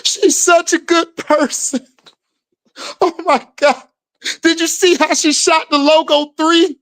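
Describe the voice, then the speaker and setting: Slow, drawling man laughing at chat. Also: extremely high pitch, fairly even intonation, a bit bright. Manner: laughs often, drawling, slangy. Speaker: livestream host. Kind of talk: casual commentary reading chat.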